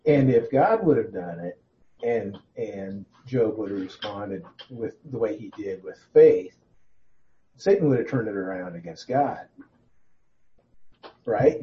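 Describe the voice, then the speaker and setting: A man's voice: fairly low pitch, very animated, takes it slowly, pauses often, highs cut off, a little hiss or hum. A man joining a conversational Bible study, mostly adding brief agreeing remarks.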